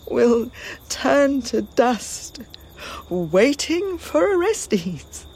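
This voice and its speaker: A woman playing a grieving, defiant young princess in a classical drama, with a breathy voice and impassioned lament. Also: high voice, warm tone, full character voice. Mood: despairing. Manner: impassioned lament, slow and swinging.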